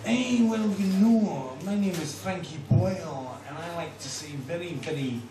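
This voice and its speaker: A man putting on a male comic who boasts in a deadpan way about his edgy humour. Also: a little high, a little slow, distant mic, a crowd in the background, natural voice. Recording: echoey bar heard from afar, noisy.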